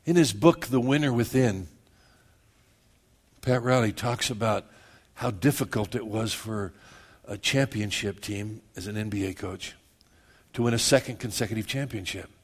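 A man preaching a sermon in a casual, conversational way, often calling his listeners "man" and "guys", repeating words as he builds, and moving between loud and hushed delivery. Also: on the low side, moderate pace, long pauses, breathy edge.

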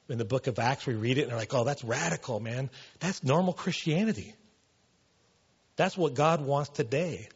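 A man's voice: mid-range voice, breathy edge, dull audio. A man preaching a casual sermon in a church, loose and conversational, full of "you know" and "man". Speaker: pastor.

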